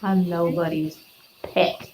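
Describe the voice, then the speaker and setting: A woman's voice: on the low side, level tone, slow, darkish tone, poor audio. A woman tabletop player speaking in character with a wry, drawling manner.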